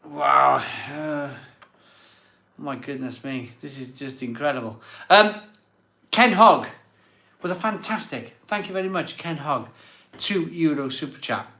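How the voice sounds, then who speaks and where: A man's voice: a little high, measured pace, vocal fry, pushed and bright. A man hosting a live stream who reads out viewer messages and says his thanks with emotion, repeating words over and over. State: emotional, catching his breath. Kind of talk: casual live stream chat. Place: home room set up as a virtual pub. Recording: echoey room.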